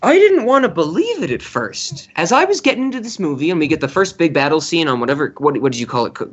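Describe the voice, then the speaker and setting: A man co-hosting a film podcast, excitable and swearing freely as he laughs through his review. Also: a little high, quick pace, highs cut off, a little hiss or hum. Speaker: podcast co-host. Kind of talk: casual film review chat.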